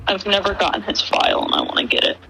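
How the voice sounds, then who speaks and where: A man's voice: sits high, huge pitch swings, quick pace, creaky, pushed and bright, a little hiss or hum, rough recording. A man co-hosting a live stream, chatting casually in a teasing, blunt way.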